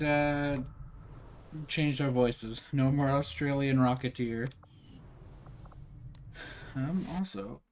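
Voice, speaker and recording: Playing a strategy game, a man offers loose let's-play commentary, musing out loud and putting himself down along the way. His voice is medium in pitch and somewhat dark, and there's slight noise in the background.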